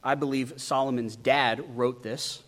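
A man preaching an expository sermon, emphatic and animated, asking the listeners many rhetorical questions. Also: mid-range voice, measured pace. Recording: long hall reverb.

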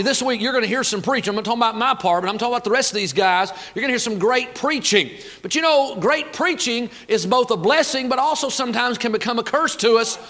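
A man's voice: sits high, a bit bright. A man preaching a sermon, fired up and folksy, talking back and forth with the crowd. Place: church auditorium.

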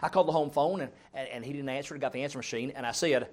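A middle-aged man preaching a sermon, telling humorous stories and swinging between loud and soft. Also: medium pitch, very fast.

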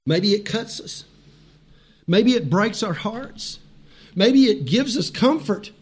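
A man preaching a sermon as pastor, animated and laughing at times, repeating phrases for emphasis and dropping to quiet intensity. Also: high-pitched, takes it slowly, slightly rough.

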